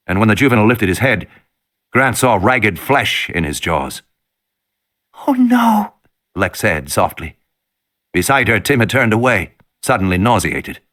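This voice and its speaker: Expressive, bright male audiobook narrator. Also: on the low side. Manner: expressive, dramatic.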